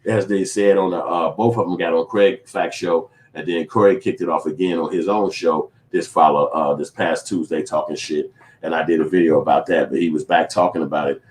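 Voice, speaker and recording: A man's voice: deep voice, fairly even intonation, a little fast. A man filmmaker in a casual commentary vlog, rambling and profane, acting out little quoted scenes. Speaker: filmmaker and vlogger.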